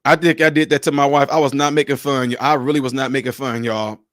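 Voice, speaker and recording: A man hosting a livestream, telling stories in a lively, casual way and laughing often. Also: medium pitch, quick pace, no room sound, studio quality. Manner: animated storyteller, laughs often. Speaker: livestream host.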